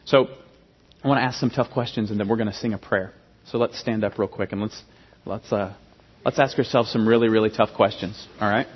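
A man in his thirties preaching a sermon as pastor, emphatic and animated, often restarting his phrases. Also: fairly low pitch, a little fast, husky. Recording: dull sound with long hall reverb.

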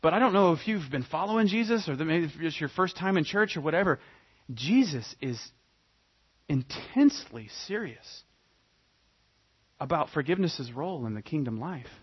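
A man preaching a sermon, dramatic, swinging between loud emphatic points and quiet hushed asides. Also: a little high, expressive, moderate pace, breathy edge, lo-fi sound. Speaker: pastor.

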